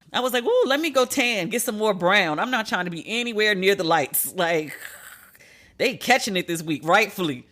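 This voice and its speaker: Woman podcast host, blunt, profane, lively casual commentary. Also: mid-range voice.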